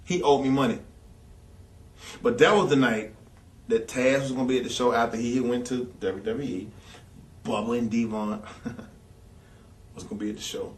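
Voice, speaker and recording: A former wrestler in an interview, telling stories in a blunt, angry and heavily profane rant. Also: male voice, mid-range voice, normal speed, long pauses. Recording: echoey room, speaker far from mic.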